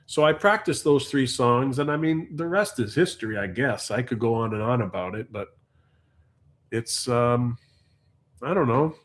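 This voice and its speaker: A man's voice: medium pitch, normal speed. A man hosting a long livestream, telling a rambling story in casual chat. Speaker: livestream host. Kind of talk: casual live stream chat.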